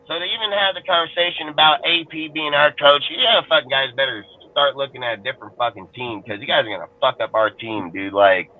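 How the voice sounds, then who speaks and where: On a football fan panel show, a man with a Californian accent rants angrily, swearing nonstop and restarting his sentences in a heated, profane tirade. His voice is medium-pitched and brisk with few pauses, heard through narrow, tinny audio.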